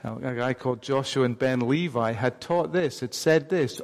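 A man's voice: mid-range voice, moderate pace, creaky. A man preaching a sermon in a church, talking conversationally and putting questions to the congregation. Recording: long reverb of a large hall.

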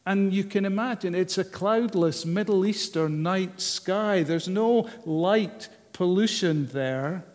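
A man preaching a sermon, measured and unhurried, often asking the listeners rhetorical questions. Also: high-pitched. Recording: long hall reverb.

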